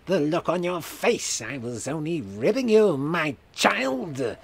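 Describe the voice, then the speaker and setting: Man doing a nasal, cackling skeleton deckhand for a game; pitched up, sneering, swooping. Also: big pitch swings, slow pace, gravelly, husky, exaggerated voice. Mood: mocking. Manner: teasing, cackling. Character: cackling skeleton sailor, mocking and sly.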